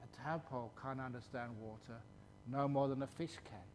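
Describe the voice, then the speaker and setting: Playful monk giving a dharma talk. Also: male voice, mid-range voice, a little hiss or hum. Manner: playful, chuckling, drawls words slowly for emphasis. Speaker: Buddhist monk teaching a retreat. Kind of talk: dharma talk with questions and answers.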